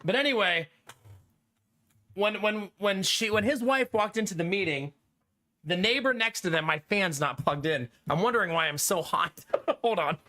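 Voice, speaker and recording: A man's voice: high-pitched, normal speed, bright, forceful tone. A man streaming live and chatting casually with his viewers, rambling through a story, laughing often and swearing casually.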